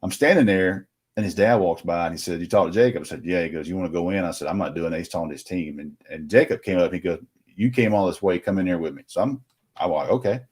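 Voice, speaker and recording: A man's voice: low voice, fast, darkish tone, husky. A middle-aged man casually telling a rambling story, acting out what each person said. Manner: rambling anecdotal with quoted dialogue. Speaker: recruiting reporter.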